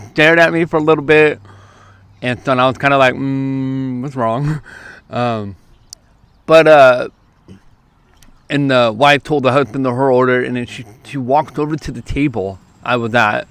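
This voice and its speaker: A man's voice: mid-range voice, clean tone. Man telling a story at a park. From California. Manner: lively, quick bursts, acts out quoted lines. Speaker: youth preacher. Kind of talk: casual storytelling to camera. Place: outdoors at a park.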